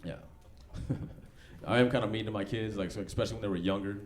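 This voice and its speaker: A man's voice: lowish voice, brisk. Thirtysomething guy doing standup, laid back slangy talk, noisy club recording. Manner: loose, slangy, conversational delivery. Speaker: stand-up comedian. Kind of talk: stand-up comedy set. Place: comedy club stage. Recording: live club recording, background noise.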